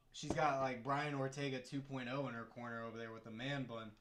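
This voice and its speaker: A man's voice: medium pitch, level tone, normal speed, echoey room, background noise. A man hosting a casual live stream, chatting and joking as he talks through the fights and answers his chat from a room at home. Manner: chatty, jokey, reads chat aloud.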